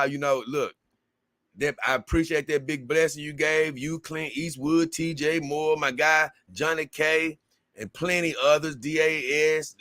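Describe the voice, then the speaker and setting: A man hosts a casual livestream, reading viewer comments aloud and rambling to his audience in slangy, talkative fashion. His voice is a little high, pushed and bright. The sound is clean studio audio with no room sound.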